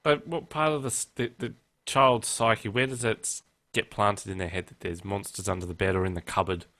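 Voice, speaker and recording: A man's voice: lowish voice, steady tone, a little fast, a bit bright. Blunt, rambling man. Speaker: podcast co-host. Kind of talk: casual chat.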